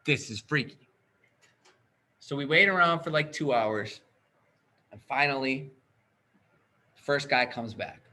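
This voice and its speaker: A man telling a story in casual chat as a podcast host, animated and acting out the dialogue with quick asides. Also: mid-range voice.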